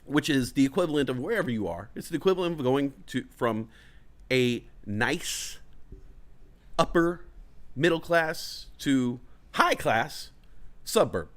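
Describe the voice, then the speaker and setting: A man's voice: mid-range voice, fairly bright tone. A man hosting a talk show, telling a long, rambling, profane story in casual chat and acting out angry quotes. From California Bay Area. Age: adult parent of a young child. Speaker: show host.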